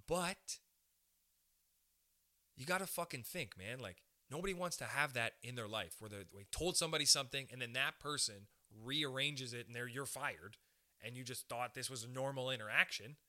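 A man's voice: mid-range voice, moderate pace. A young man doing a rambling, profane stand-up style monologue. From Canada. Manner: profane, rambling, animated asides.

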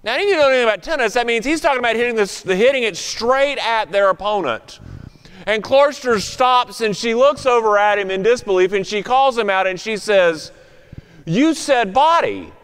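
A man's voice: high voice, brisk, fairly bright tone, clear, resonant tone, big-room sound. A male pastor leading prayer and preaching a sermon, telling a story with varied pace and strong emphasis.

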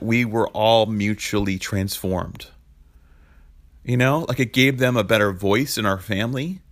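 A man's voice: medium pitch, fairly bright tone. A man in his thirties preaching a sermon in a loose, confessional way, full of "like" and "man", who speaks as a pastor. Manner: conversational and confessional, lots of fillers like "like" and "man".

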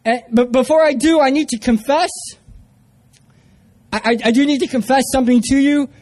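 A man's voice: very high voice, moderate pace, a little mellow. A young man from San Diego preaching a sermon, telling a personal story with self-mocking humor. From San Diego area, US.

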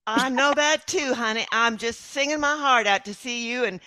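Bright, effusive woman interview host. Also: on the high side, moderate pace. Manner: effusive, affectionate, calls the guest honey. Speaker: podcast host. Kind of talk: casual interview chat.

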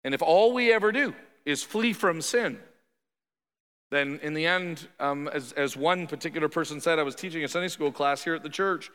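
A man with a high, bright, forceful voice preaches to his congregation. He talks conversationally and with emphasis, and keeps asking rhetorical questions. His words ring out with the long reverb of a large church hall. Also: moderate pace, clean tone. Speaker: pastor. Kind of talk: sermon. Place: church sanctuary.

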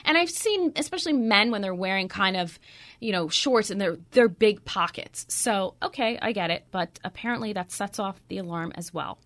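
A woman's voice: mid-range voice, expressive, moderate pace, a bit bright. A middle-aged woman hosting a radio show, chatting casually and telling stories with lots of fillers. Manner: chatty, anecdotal, frequent fillers. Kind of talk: casual chat.

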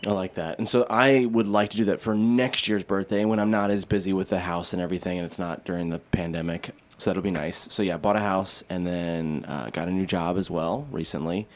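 A man's voice: sits low, fairly even intonation, a little fast, hardly any pauses. A young man from co-hosting a podcast, chatting casually, laughing often and poking fun at himself. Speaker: podcast co-host. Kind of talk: casual chat.

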